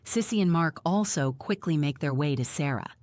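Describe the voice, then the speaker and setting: A woman narrating an audiobook in the first person, reading in an even, measured way. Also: low-pitched, no room sound.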